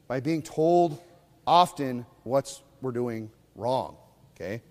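A man preaching a sermon in a fiery, mocking way, swinging between loud bursts and hushed asides. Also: a little high, big-room sound. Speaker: pastor.

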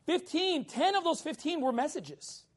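A middle-aged male pastor preaching a sermon in a casual, animated way, telling a personal story and keeping in touch with his listeners. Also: very high-pitched, normal speed.

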